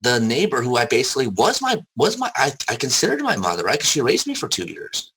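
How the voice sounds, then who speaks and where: A man's voice: medium pitch, wildly swooping pitch, quick pace, fairly bright tone, husky, poor audio. A young adult man, an interview guest, frankly telling personal stories with casual swearing and many restarts. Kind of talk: candid personal storytelling.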